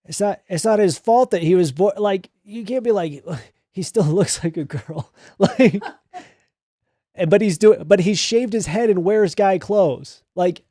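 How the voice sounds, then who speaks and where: A man's voice: sits high, warm tone, dry recording, studio quality. A man streamer reading online posts aloud and reacting with sarcastic remarks, frequent laughter and swearing.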